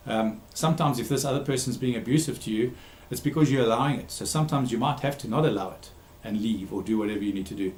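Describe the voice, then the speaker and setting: A man's voice: mid-range voice, fast, hardly any pauses, a little mellow. Emphatic male therapist in an echoey room. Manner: emphatic, repeats key words, frequent ums. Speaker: therapist giving a talk series. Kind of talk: recorded talk on conflict.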